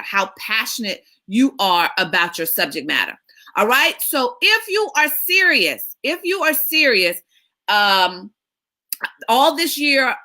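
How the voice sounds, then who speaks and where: A woman media coach hosting a weekly tips video, talking in an excitable, emphatic coaching style. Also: medium pitch. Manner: excitable, emphatic, lively delivery with laughs. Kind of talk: energetic coaching monologue.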